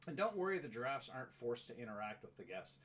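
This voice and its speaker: A man's voice: medium pitch, big pitch swings, fast, a bit bright. Guy hosting a chat show, reads stuff out, trips over words, jokey asides. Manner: chatty, reads facts aloud with stumbles and asides. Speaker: show host. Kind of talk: casual chat.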